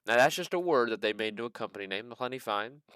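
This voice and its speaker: A man's voice: mid-range voice, lively intonation, fast, fairly bright tone, clear, resonant tone, dry recording, studio quality. A man hosting a casual stock market commentary, rambling through earnings reports with joking, sarcastic asides. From American Midwest. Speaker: stock market channel host.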